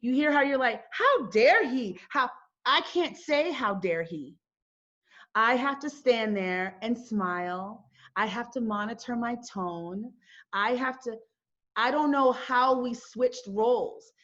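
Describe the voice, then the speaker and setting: A woman's voice: a little high, fairly bright tone. Woman giving an impassioned talk, keeps repeating herself, kinda lo-fi audio. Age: middle-aged. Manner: emphatic, repeats phrases, rhetorical questions. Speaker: founder and host giving a talk. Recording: dull lo-fi sound.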